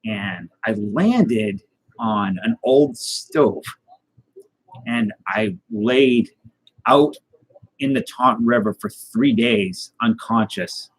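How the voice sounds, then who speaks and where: A man telling a tall tale in a rambling, deadpan way, with many fillers and restarts. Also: lowish voice, drawn-out words, slightly rough, rough recording. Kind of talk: casual tall-tale storytelling.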